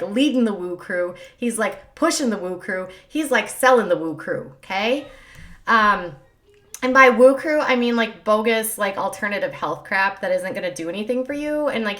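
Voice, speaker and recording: A woman hosting a casual livestream, chatting fast and loosely with lots of filler words. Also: medium pitch, a bit bright. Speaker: host.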